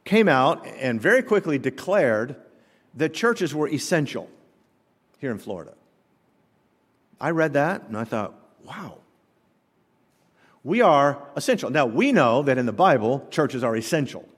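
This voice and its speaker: A man's voice: mid-range voice, lively intonation, measured pace, long pauses. A man preaching a sermon as pastor, emphatic and full of rhetorical questions. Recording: long hall reverb.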